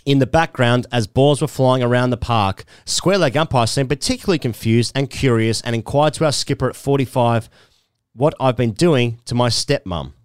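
A man's voice: medium pitch, moderate pace, clean tone, no echo, studio quality. A man, a podcast co-host reading a listener's letter aloud and laughing often as he goes. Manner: keeps breaking into laughter while reading.

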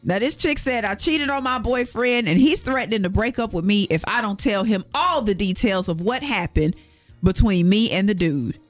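A woman's voice: medium pitch, animated, normal speed, no echo, faint music behind. A woman hosting a morning radio show, playful and laughing, reading listener letters on air. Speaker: radio co-host.

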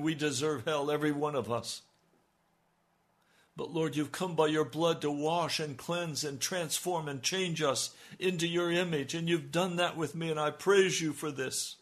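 A man's voice: fairly high pitch, fairly bright tone. A man preaching on the radio, praying fervently with rising, pleading cries. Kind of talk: impassioned radio prayer.

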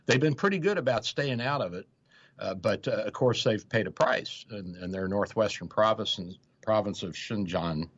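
A man's voice: lowish voice, lively intonation, normal speed, a bit bright, dull audio. A male radio show host in casual talk, rambling with many hesitations and acting out quotes.

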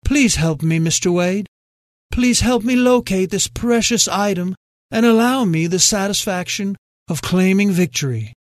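Guy putting on a frail old posh british collector, a bit slurred, higher voice, dry sound. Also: measured pace, no room sound. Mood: pleading. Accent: British upper-class. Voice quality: slightly slurred.

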